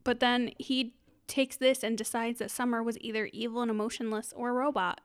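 Blunt, sweary young woman with a higher voice. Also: steady tone, smooth. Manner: blunt, outspoken, swears freely, quick reactions. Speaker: podcast co-host. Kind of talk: casual chat recapping a film.

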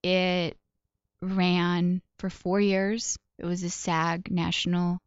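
Smooth-voiced chatty woman comedian. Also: lowish voice, little pitch movement, slow, dry recording, dull audio. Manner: chatty, laughing, self-deprecating storyteller. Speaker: guest comedian and voice actor. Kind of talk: casual interview chat.

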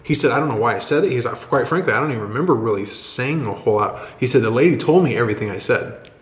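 A man co-hosting a podcast, telling a church story in a rambling, halting, excited way. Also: mid-range voice. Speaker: podcast co-host, church member. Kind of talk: casual storytelling chat. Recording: roomy echo.

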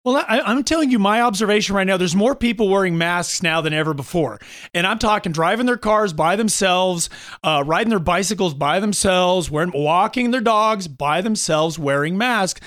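High-voiced chatty man telling stories. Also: normal speed. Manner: animated storyteller, mimics others with mocking voices. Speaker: talk show host. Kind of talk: casual opinion chat.

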